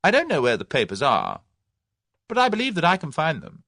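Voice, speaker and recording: Man voicing a brash young Englishman, raised voice, taunting, lively swings, dry close audiobook sound. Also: fairly high pitch, a little fast, no echo, pitched above the performer's own voice, full character voice. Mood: cocky. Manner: cocky, taunting. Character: brash young Englishman bluffing his captors.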